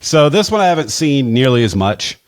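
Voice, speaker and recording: A man's voice: medium pitch, very animated, normal speed, no room sound, clean studio sound. A man giving casual financial advice on a podcast, plainspoken and wry, with frequent asides. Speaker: financial advisor, podcast guest expert.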